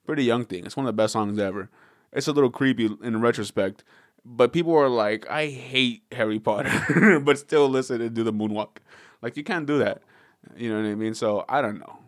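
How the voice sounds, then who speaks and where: A man's voice: mid-range voice, fast, dry recording, studio quality. A man hosting a podcast in casual chat, rambling and profane, laughing often between thoughts. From Southern California.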